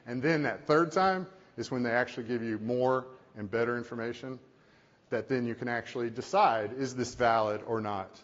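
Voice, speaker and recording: A man's voice: mid-range voice, moderate pace. Man telling stories on a conference stage. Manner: animated, conversational storytelling. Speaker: company CEO and conference speaker. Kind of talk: keynote presentation. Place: conference hall. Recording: echoey hall, dull lo-fi sound.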